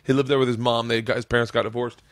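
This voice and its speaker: A man's voice: mid-range voice, level tone, rapid-fire, dry recording. A man hosting a casual podcast, telling rambling stories full of swearing. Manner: profane, rambling storyteller. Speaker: podcast host.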